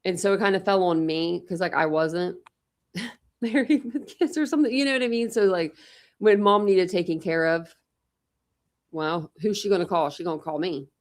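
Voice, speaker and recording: A woman's voice: on the low side, moderate pace. A talkative young woman hosting a casual panel chat, telling stories with lots of quoted voices. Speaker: channel host.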